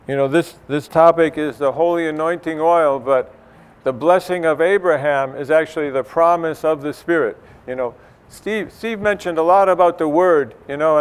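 A man's voice: fairly high pitch, clear, resonant tone. A middle-aged man giving an informal church teaching, conversational, with many fillers and restarts. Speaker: church speaker.

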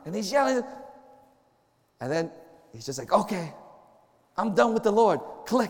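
A man with a high voice preaches to a group in a casual, joking way, acting out quick back-and-forth conversations. His voice rings with the long reverb of a large hall. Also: sing-song, gravelly. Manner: chatty, joking, acts out little dialogues. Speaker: campus minister. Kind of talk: informal sermon to a group.

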